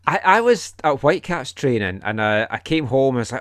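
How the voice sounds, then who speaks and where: A man hosting a casual podcast chat, animated, his voice jumping up high when he tells a story. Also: a little fast, hardly any pauses, no echo, clean studio sound. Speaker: podcast host.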